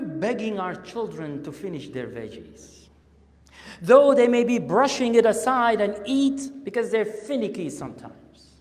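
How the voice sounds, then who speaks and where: A man giving an impassioned Friday sermon as a guest speaker at a mosque, swinging between loud urging and hushed pauses. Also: high voice, sing-song. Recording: long hall reverb.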